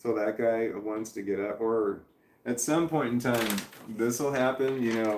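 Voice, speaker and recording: A man in his forties streams live, casually rambling through viewers' messages while chuckling and swearing freely. His steady mid-range voice moves at a measured pace over a noisy background, captured roomily by a distant microphone.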